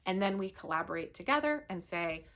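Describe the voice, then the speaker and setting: Bright-voiced woman leading staff training. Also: mid-range voice, expressive, a little fast. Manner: anecdotal, uses family stories as examples. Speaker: business leader training staff. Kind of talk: conversational training talk.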